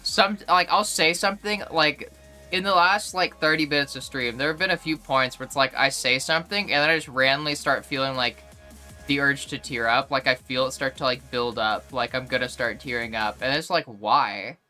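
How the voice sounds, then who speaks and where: Young woman streamer, casual live chat, rambling with constant fillers; bright, crisp tone, faint music under her. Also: rumbling low, normal speed.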